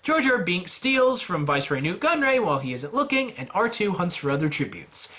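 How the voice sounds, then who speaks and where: Man, playful video commentator, animated swooping pitch, bright voice, jokey asides. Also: fairly quick. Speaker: YouTuber narrating a simulator game. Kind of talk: casual play-by-play commentary.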